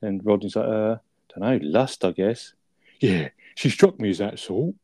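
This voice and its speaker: A man with a lowish, mellow voice chats loosely about a sitcom episode, laughing and swearing as he quotes the characters. The recording is dry and close. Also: animated, normal speed, dry recording. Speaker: podcast co-host. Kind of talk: casual chat reviewing a sitcom episode.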